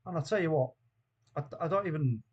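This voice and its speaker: High-voiced man hosting a rowdy watchalong. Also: brisk, slightly rough, highs cut off. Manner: swings from shouting disbelief to low, weary muttering; chatty, greets viewers by name with slang. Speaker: host of a fan watchalong stream. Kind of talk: live football watchalong commentary.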